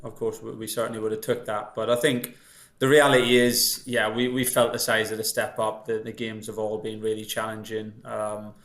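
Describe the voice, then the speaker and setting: Measured male manager, echoey room. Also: fairly low pitch, level tone, fairly bright tone. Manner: measured, modest. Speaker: football manager. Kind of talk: podcast interview. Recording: roomy echo.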